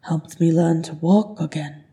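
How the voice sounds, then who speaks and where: A woman's voice: low voice, steady tone, a little slow, mellow. A woman voicing a grieving dwarf thief, choked and bitter. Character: grieving male dwarf thief, fierce and raw. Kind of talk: audiobook character voice.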